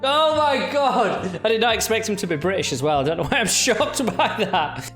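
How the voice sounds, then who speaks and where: A man's voice: sits high, sing-song, quick pace, over music. A young man giving chatty, mocking reaction commentary on video clips. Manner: chatty, jokey, mocking asides.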